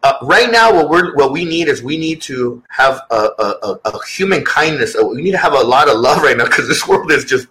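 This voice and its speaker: A man's voice: mid-range voice, animated, brisk, few pauses, bright, forceful tone, poor audio. A man talking as a guest author in a casual interview, earnest and rambling, with many restarts.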